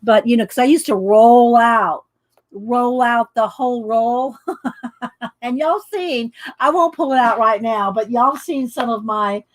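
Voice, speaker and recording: Woman, art stream host, unhurried, higher voice, laughs often. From American South. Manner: chatty, laughs often, greets viewers by name. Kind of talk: casual live-stream chat. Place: home studio with windows open.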